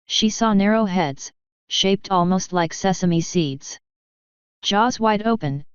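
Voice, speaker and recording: A woman with a low, exceptionally smooth voice reads a story in a measured, dramatic way. The sound is close and dry, with a slightly dull, lo-fi tone to the recording. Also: darkish tone, no echo. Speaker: fanfiction reader. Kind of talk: storybook narration.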